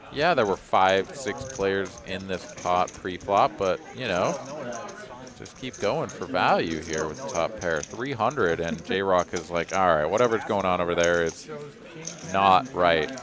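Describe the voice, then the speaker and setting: A man doing live poker commentary, relaxed and joking, with promotional asides. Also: low voice. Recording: busy card room crowd behind.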